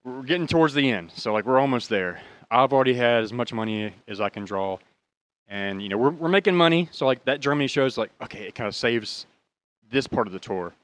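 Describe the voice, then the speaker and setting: A man casually recounting a story on his own show, rambling and swearing freely as he goes. His delivery is loose and animated, full of restarts and asides, and his pitch sits in an ordinary middle range for a man. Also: brisk, no echo. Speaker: podcast host, drummer.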